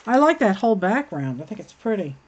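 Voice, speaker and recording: A woman's voice: medium pitch, big pitch swings, fairly quick, highs cut off, background noise. A woman hosting a crafting livestream, chatting casually and thinking aloud while she works, reading comments and laughing at them. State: hiccups.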